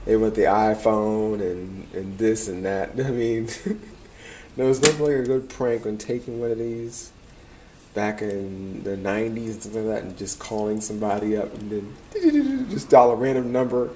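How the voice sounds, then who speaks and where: A man's voice: fairly low pitch, moderate pace, warm tone, slight background noise. A young man, chatting casually to camera in a rambling, nostalgic way and laughing often. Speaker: vlogger.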